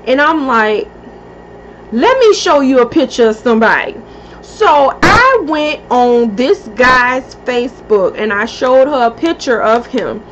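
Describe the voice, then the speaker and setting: A woman telling a story casually, animated and profane, acting out what people said. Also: on the high side, highs cut off, a little hiss or hum. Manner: animated, profane, acts out quoted speech.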